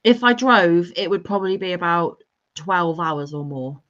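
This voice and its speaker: A woman's voice: lowish voice, steady tone, moderate pace, a bit bright. A woman hosting a livestream, chatting casually and teasing her guest and viewers. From England. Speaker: livestream host. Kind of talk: casual chat. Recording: dull lo-fi stream audio.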